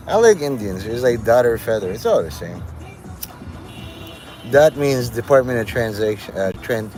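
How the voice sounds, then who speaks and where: A man's voice: mid-range voice, big pitch swings, measured pace, pauses often, a little mellow, faint music behind, rough recording. Man rambling on a live stream outdoors. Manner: meandering, offhand, provocative banter with viewers. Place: outdoors outside a convenience store.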